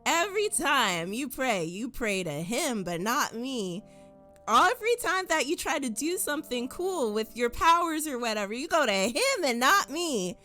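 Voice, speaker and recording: A woman's voice: high voice, big pitch swings, a little slow, soft background music, pitched above the performer's own voice, exaggerated voice. Woman putting on a resentful old chaos spirit. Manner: bitter, resentful, loud. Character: cackling, scornful elderly female spirit of chaos.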